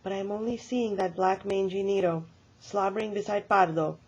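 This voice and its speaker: A woman voicing an elderly grandmother who tells a story about her own stubborn childhood in a lively, emphatic way. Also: mid-range voice, moderate pace, slightly rough, muffled recording, lightly acted. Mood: storytelling.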